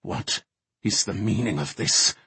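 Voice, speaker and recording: A man's voice: lowish voice, expressive, slow, a bit bright, husky, no echo, heavily acted. A man voicing a proud male elf archmage, polite yet demanding.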